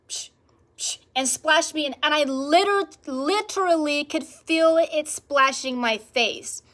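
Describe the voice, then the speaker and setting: A woman speaking to camera in a vlog, telling a personal spiritual experience in an animated, emphatic way and repeating words for emphasis. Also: fairly high pitch. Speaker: spiritual practitioner vlogger.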